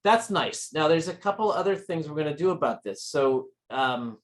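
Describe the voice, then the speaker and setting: A man's voice: a little high, lively intonation, normal speed. Man walking through phone tips. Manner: explains step by step, friendly and informal. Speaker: guest presenter at a user group meeting. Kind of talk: live tech demonstration.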